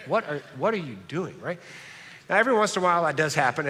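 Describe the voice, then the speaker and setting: Joking pastor with a bright voice in a hall. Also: male voice, on the high side. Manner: conversational, joking, self-deprecating. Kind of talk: sermon. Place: church sanctuary. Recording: reverberant church hall.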